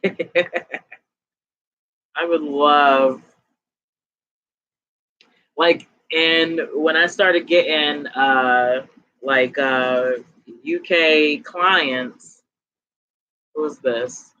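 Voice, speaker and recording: A woman runs a live tarot reading stream and talks to her viewers in a laid-back, slangy way. She sounds tired and sweaty but keeps her voice bright and forceful. She speaks slowly, and the lo-fi stream audio makes her sound muffled. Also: low voice. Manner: relaxed, slangy, chatty with viewers. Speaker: tarot reader.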